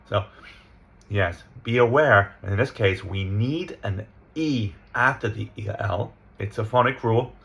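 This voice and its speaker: A man's voice: fairly low pitch, a bit bright. A man teaching English pronunciation from slides. He explains step by step, reads example sentences aloud and often checks in with "right?" and "okay?". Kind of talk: slide-based lesson.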